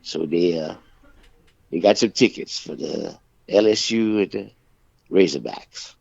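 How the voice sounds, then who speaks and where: A man co-hosting a talk radio show, telling jokes in a folksy, drawn-out way and voicing the characters' dialogue. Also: sits low, vocal fry, darkish tone, no room sound. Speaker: radio co-host. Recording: dull, lo-fi dry radio recording.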